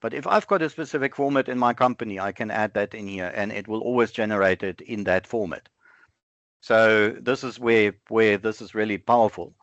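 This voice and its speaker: Man demoing software in a dull, dry webinar call. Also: lowish voice, no echo. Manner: conversational, self-correcting, halting fillers. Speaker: webinar presenter. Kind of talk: live software demo, thinking aloud. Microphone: online webinar with screen sharing.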